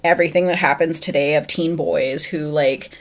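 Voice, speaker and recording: A woman's voice: low voice, fairly even intonation, normal speed. Chatty woman co-hosting a podcast. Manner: casual, profane, many "like" fillers. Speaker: podcast co-host. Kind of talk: casual film review chat.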